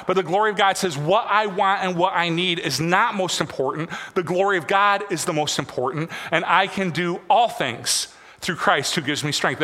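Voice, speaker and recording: A high-pitched, bright-toned male pastor delivers a rhythmic sermon, repeating his lines in waves and dropping quiet for emphasis. His voice rings out in a church sanctuary with a long, trailing hall reverb. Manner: repetitive, rhythmic preaching with sudden soft drops.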